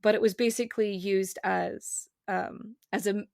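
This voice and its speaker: Gravelly-voiced woman podcast guest. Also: medium pitch, steady tone, darkish tone, no room sound, studio quality. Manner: talks in quick, rambling runs with restarts. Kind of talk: casual podcast conversation.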